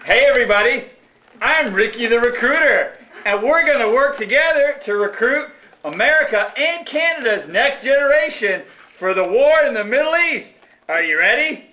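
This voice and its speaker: A man's voice: very high voice, lively intonation, normal speed, pushed and bright, voice pushed up, exaggerated voice. Ricky the Recruiter, a man's puppet voice, pushy and upbeat. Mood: pitching. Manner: salesy, cheerleading. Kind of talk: live puppet show. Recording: echoey hall.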